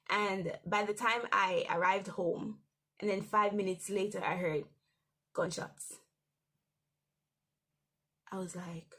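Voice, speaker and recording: Young woman, devotional host, casual testimony, mid-pitched voice, meandering delivery. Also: slightly rough. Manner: conversational, rambling with restarts and soft laughs.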